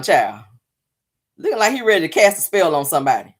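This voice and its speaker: A woman's voice: mid-range voice, wildly swooping pitch, fairly quick, husky. A woman hosting a casual celebrity gossip show, sassy and teasing, calling her audience honey and child. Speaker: commentary show host.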